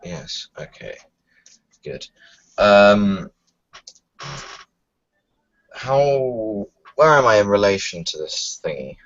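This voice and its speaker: A man's voice: fairly low pitch, big pitch swings, drawn-out words, long pauses, fairly bright tone. A man playing a tabletop game, unsure and hesitant, thinking aloud about his moves. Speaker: player. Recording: dull lo-fi home recording.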